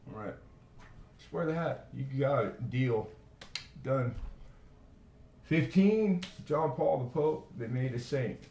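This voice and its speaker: A man's voice: mid-range voice, lively intonation, takes it slowly, gravelly, pauses often, dark tone, slight background noise. Chatty man running a coin auction. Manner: chatty, rambling storyteller between bids. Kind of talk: casual live-stream auction chat. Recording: echoey room.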